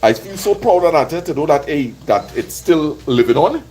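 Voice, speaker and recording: A man's voice: a little high, animated, moderate pace, darkish tone, poor audio. A man with a Trinidadian accent chatting and teasing live viewers as he cooks at his kitchen stove. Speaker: cooking vlogger streaming live. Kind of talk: casual chat to live viewers while cooking. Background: frying sizzle.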